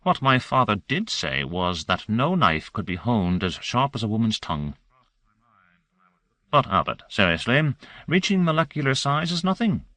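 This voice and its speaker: A man voicing a joking, teasing male crewman with a drawn-out delivery. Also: mid-range voice, very animated, sharp tone, dry recording, pitched above the performer's own voice. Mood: playful.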